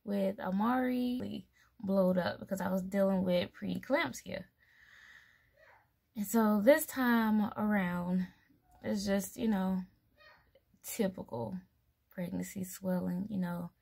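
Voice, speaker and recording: A woman's voice: medium pitch, slow, creaky, long pauses, a little mellow, breathy edge. A young adult woman chatting casually in a pregnancy vlog, rambling with many fillers and laughing between thoughts. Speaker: mom vlogger.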